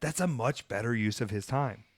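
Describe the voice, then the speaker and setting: A man hosting a podcast in casual chat, an animated storyteller who bursts into loud acted-out bits. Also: mid-range voice, normal speed, breathy edge, dry recording, studio quality. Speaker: podcast host. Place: near Atlanta.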